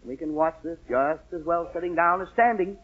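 Henpecked husband, husky and soothing, tinny 1940s radio. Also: male voice, a little high, fairly quick. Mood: placating. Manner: soothing, placating. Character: patient, henpecked middle-aged husband.

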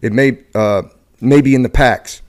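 A man's voice: medium pitch, normal speed, natural voice. A man reading aloud and voicing a Marine captain who barks curt orders to his men. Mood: commanding. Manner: curt barked orders, softening to gentle. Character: Marine captain commanding troops after a disaster.

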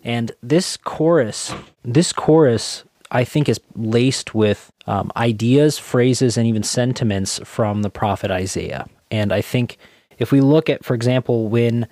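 A man's voice: medium pitch, a little slow, a little mellow, no room sound, clean studio sound. A man co-hosting a podcast, answering thoughtfully with frequent ums and quoting scripture. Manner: thoughtful, many fillers, quotes scripture. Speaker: podcast co-host. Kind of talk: conversational theological discussion.

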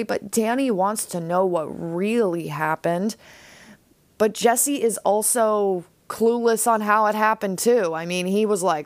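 A woman's voice: a little high, a little slow, no echo. A young woman hosting a podcast, recapping a TV episode in a chatty, casual way full of fillers. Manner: chatty, lots of "like" and "um". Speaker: podcast host.

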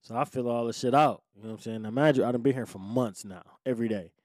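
A man with a mid-range voice tells a story from his own life in loose, profane street slang. He drops to a low mutter and then jumps into loud bursts. The sound is dry and close. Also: fast, no echo. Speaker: podcast host telling his life story. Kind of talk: casual storytelling.

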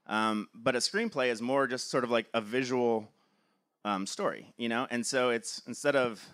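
A man's voice: mid-range voice, moderate pace, a bit bright. A man, a film producer, giving an enthusiastic motivational talk, filling his sentences with "like". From Cleveland, USA. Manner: enthusiastic, frequent filler "like".

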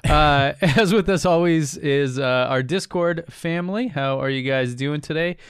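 A man's voice: on the high side, measured pace, smooth. A man co-hosting a podcast in casual, joking chat, laid-back and a little rambling. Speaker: podcast co-host.

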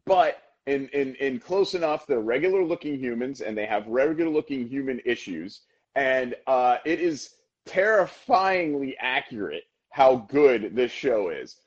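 Husky man telling a story, lo-fi. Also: medium pitch, measured pace. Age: 30s. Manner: animated storytelling, acting out characters in funny voices. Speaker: podcast co-host. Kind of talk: casual chat.

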